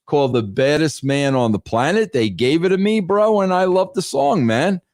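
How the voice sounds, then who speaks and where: A man's voice: a little high, normal speed, a little mellow, dry recording, clean studio sound. A man hosting a live-streamed podcast in a brash, casual way, peppering his talk with "bro". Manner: brash, repeats "bro" a lot. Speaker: podcast host.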